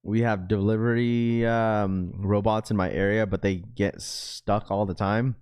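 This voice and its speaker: A man hosting a casual livestream chat reads viewer comments aloud, talking in slang, constantly saying bro, and laughing often in a loose, joking manner. His voice is on the low side, darkish, clear and resonant, with fairly even intonation and a slightly slow pace.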